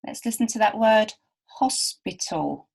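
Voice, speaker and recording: A woman teaching beginners to read, talking very slowly and patiently. She sounds out each word carefully and repeats it so learners can follow. Her voice sits at an ordinary middle pitch. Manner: patient, stretches and repeats words. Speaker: literacy teacher.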